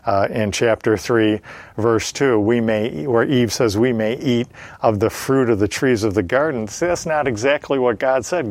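A man's voice: medium pitch, lively intonation. A man preaching an expository sermon, reading scripture aloud and explaining it verse by verse, with frequent "uh" fillers. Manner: measured teaching delivery with frequent "uh" fillers.

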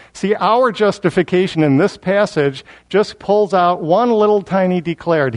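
Preaching through a Bible passage, this man's voice runs a little high. He stresses points by repeating them and lingering on important words.

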